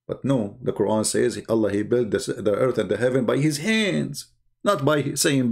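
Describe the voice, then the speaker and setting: A man's voice: medium pitch, expressive, normal speed, vocal fry, a little mellow. Sarcastic male video commentator. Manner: sarcastic, mocking, repetitive. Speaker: commentator host. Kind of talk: mocking commentary on a video clip.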